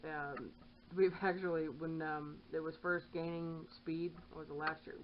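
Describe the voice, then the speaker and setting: A cross-stitch vlogger with a deep voice talks a little slowly and with fairly even intonation as she stitches at home. She rambles casually, now and then stopping to scold her kitten, on dull lo-fi audio with a faint hiss.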